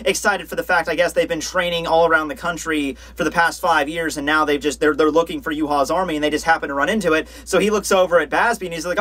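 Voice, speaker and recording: Young male reviewer, casual and rambling, somewhat high voice, dry close sound. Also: fairly even intonation, fast talker, few pauses, fairly bright tone, dry recording. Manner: rambling, many fillers and restarts. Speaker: manga reviewer. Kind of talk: casual commentary.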